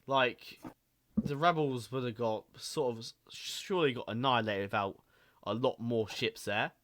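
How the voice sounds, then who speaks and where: A man's voice: mid-range voice, measured pace, a bit bright. Young man ranting loosely, swearing, laughing. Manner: swears a lot, laughs often, rambling. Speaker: podcast host. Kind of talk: casual chat.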